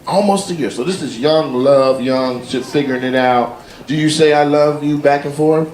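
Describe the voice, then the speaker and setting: A man doing stand-up crowd work, teasing audience members with quick-fire questions. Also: on the high side. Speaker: stand-up comedian. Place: comedy club stage. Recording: echoey live venue with loud crowd laughter.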